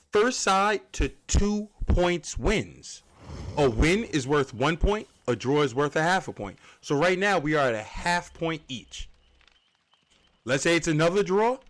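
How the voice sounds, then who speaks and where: A man's voice: on the high side, a bit bright. A man hosting a livestreamed game tournament, explaining the rules with joking asides. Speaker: tournament host and caster.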